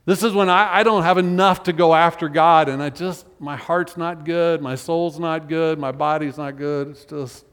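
A male pastor preaching a conversational sermon, voicing drawn-out groans and sighs. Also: a little high, fairly even intonation, fairly bright tone, smooth. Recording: long hall reverb.

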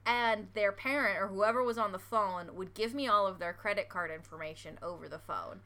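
An American woman with a bright, sharp voice, chatting casually. She tells her stories in an animated way, laughing often and saying "like" a lot. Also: mid-range voice, moderate pace. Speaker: friend in conversation. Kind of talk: casual chat.

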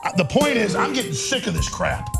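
Furious man ranting, very high and gravelly. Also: very animated, a little fast. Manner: angry, shouting, sing-song rant. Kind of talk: ranting monologue. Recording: clip with music mixed in. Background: music.

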